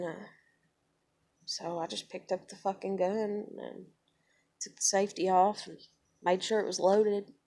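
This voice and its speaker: A woman's voice: medium pitch, darkish tone. A young woman, telling a personal story to camera in a blunt, profane, conversational way. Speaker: vlogger.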